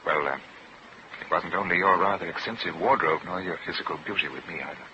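An actor playing a deep-voiced, doting lord. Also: male voice, a little fast, natural voice. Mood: tender. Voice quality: genteel, courtly. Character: smitten English lord, polite and doting. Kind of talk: 1940s radio acting. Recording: muffled old radio recording with hiss.

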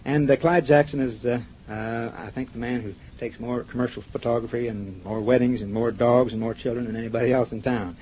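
A man hosting a live radio show, chatting with a guest and reading sponsor gifts in a brisk, chatty manner. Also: medium pitch, fairly even intonation, dark tone. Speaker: radio host. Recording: dull 1950s radio broadcast with faint hiss.

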